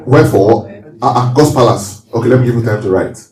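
Male pastor, call-and-response preaching, warm mellow tone, roomy church hall, distant mic. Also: mid-range voice, fast. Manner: leads the congregation through call-and-response reading. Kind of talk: sermon.

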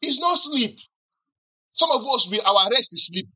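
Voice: medium pitch, animated, measured pace, pushed and bright, slightly rough, low-quality recording. A pastor preaching a sermon who keeps asking the congregation questions to answer back and teases them with acted-out examples. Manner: teasing humor with acted-out examples.

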